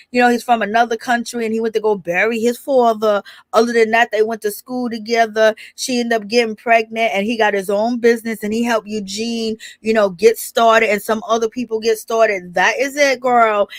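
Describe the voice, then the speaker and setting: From home, a woman with a high-leaning voice hosts a casual gossip recap of a reality show for a live audience. She's animated and sassy, acting out quotes and laughing often, in a dry recording.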